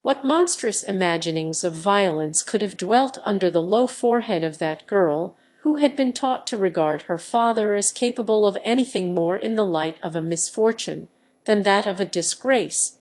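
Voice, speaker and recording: A woman with a medium-pitched voice narrates a classic novel for an audiobook. Her scripted reading is measured and even.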